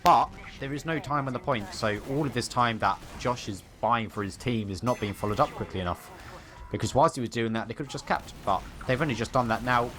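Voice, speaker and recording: Guy casting a game match, low voice, jokey, faint hiss behind. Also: a bit bright. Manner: joking, teasing play-by-play. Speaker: esports caster. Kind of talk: live game commentary.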